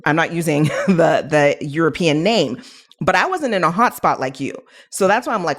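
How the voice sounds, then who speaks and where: A woman's voice: sits low, lively intonation, moderate pace. A woman hosting a podcast interview, asking questions in a chatty way, often adding "like" and "right?". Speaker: podcast host. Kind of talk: casual interview chat.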